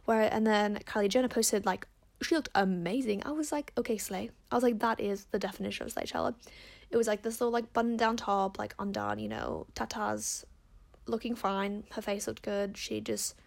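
A woman's voice: mid-range voice, animated, moderate pace, vocal fry. A woman hosting a casual advice podcast, chatting in a rambling way with lots of fillers. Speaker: podcast host.

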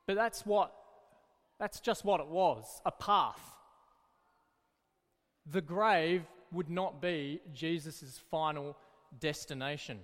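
Children's church leader, man, high voice, slow and encouraging, long hall echo. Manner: lively, encouraging, storytelling. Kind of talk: children's Bible talk.

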